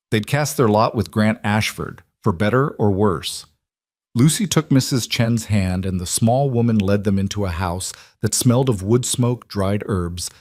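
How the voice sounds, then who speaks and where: A man narrating a scripted western story in a measured, dramatic way. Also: on the low side, a little mellow, no room sound, studio quality.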